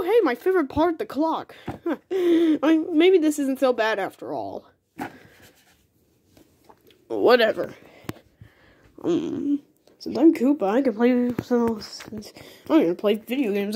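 A woman's voice: on the high side, darkish tone. Goofy woman voicing a homemade cartoon. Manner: playful, goofy, talks with many restarts. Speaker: toy cartoon creator voicing all the figures.

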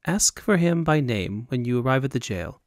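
A man voicing a secretive, lovestruck young woman of about twenty who speaks in an imperious, excited way. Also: medium pitch, moderate pace, dry recording, clean studio sound, lightly acted. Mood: commanding.

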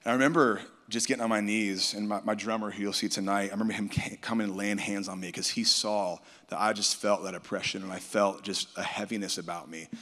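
A man's voice: fairly low pitch, fairly even intonation, fast, few pauses, sharp tone. A man telling a personal testimony at a conference, storytelling and quoting others. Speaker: worship musician. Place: large conference hall. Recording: reverberant hall.

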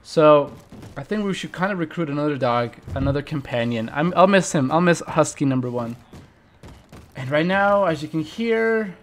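A young man hosting a let's play, chatting with viewers and reacting loudly and playfully to the game. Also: fairly high pitch, lively intonation, normal speed, slight background noise. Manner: playful, jokes and mock eulogies. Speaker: gaming channel host.

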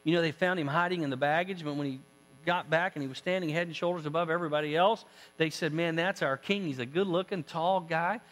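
A male pastor preaching a storytelling sermon, retelling scripture in a folksy, animated way with asides to the congregation. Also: high-pitched. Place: church sanctuary. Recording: church hall reverb.

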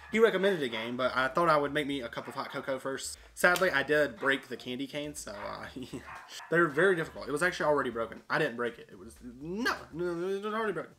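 A man's voice: mid-range voice, animated, fast talker, sharp tone, slight background noise. A young man casually commenting on a video game he is playing, chatty and confused, laughing often. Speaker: gaming video host.

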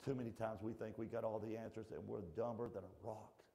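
A middle-aged male pastor preaching a folksy, animated sermon in church that swings from shouting to hushed. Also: fairly low pitch, fairly quick, vocal fry.

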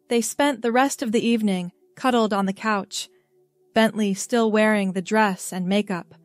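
A woman reading a scripted story aloud in a calm, even storybook manner. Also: medium pitch, normal speed, no room sound, soft background music.

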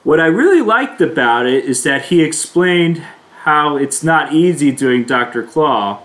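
A man hosting his own reaction video, reading his intro and verdict in a slow, deliberate, plain way. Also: on the high side, expressive, fairly bright tone. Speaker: video reactor, channel host. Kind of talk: scripted reaction video narration.

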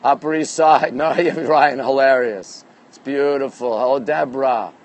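A Canadian man hosts a nighttime livestream from his rooftop deck, holding his phone as he reads viewer comments and cheerfully greets people by name. His voice is medium in pitch, steady, unhurried and somewhat dark.

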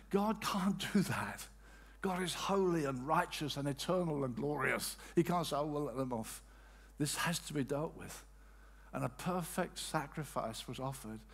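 An older man delivers a sermon from the pulpit, his voice sitting a little higher than most men's. He swings between soaring emphasis and quiet, settled statements, and acts out the people in his stories as he tells them. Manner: animated preaching, voice rising and falling with emphasis; tells anecdotes with dramatic quoted voices. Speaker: pastor.

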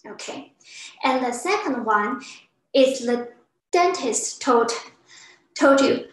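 A woman teaching a beginner class, patiently explaining and acting out example sounds with exaggerated pitch. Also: animated, slow pace, echoey room, rough recording. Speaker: Chinese language teacher.

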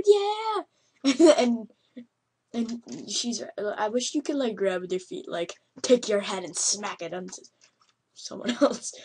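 Female gamer, mid pitch, yelps and laughs through unhurried let's-play commentary. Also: slightly rough. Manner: excitable, yelps and laughs at the game. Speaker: gameplay commentator.

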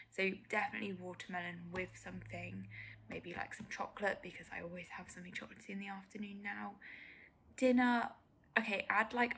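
A woman's voice: mid-range voice, vocal fry, husky. A young woman giving candid, self-critical reaction commentary as a vlogger, often dropping to a near whisper.

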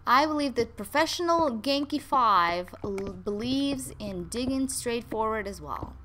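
A woman's voice: a little high, expressive, measured pace, pushed and bright, slight background noise. A young woman chatting casually to her viewers and her dogs while playing a game, playful and talkative. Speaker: gaming YouTuber. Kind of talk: casual gameplay commentary. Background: game music.

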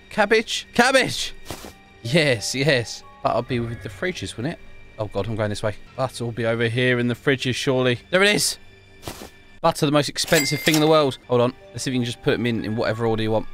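A man giving chatty, excitable commentary while playing a video game, often exclaiming to himself. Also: mid-range voice. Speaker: gaming YouTuber. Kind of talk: casual gameplay commentary.

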